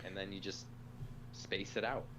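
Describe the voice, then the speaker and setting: A man's voice: low voice, steady tone, measured pace, a bit bright, low-quality recording. A man streaming a game, explaining things casually in a hesitant way full of "like"s, over a humming background noise. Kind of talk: casual chat.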